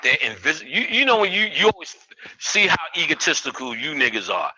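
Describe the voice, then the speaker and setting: Animated, bright-voiced man lecturing live. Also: a little high, quick pace, low-quality recording. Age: 50s. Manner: profane, joking, riffing with the audience. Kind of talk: live comedic spiritual lecture. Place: in front of a live audience.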